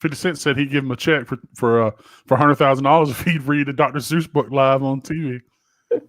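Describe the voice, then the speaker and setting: A man's voice: medium pitch, steady tone, a little fast, a bit bright, no room sound, studio quality. A man co-hosting a podcast in casual banter. He tells loose, profane stories and acts out the people he quotes. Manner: loose storytelling full of profanity and acted-out quotes. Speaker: podcast co-host.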